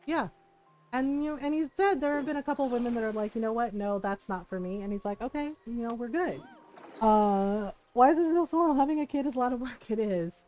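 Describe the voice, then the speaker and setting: A middle-aged woman chats through family stories while she plays a game on a live stream. Her voice sits a little high for a woman. She laughs often and swears casually as she talks. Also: brisk, warm tone, soft background music, rough recording. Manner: chatty storytelling, laughing often, swears freely. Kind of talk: casual chat while gaming.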